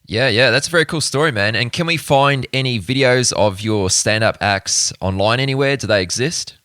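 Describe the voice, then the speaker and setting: A man's voice: medium pitch, moderate pace, bright, forceful tone, dry recording, clean studio sound. A man hosting a podcast interview, easygoing and asking short questions. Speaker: podcast host. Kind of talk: casual interview.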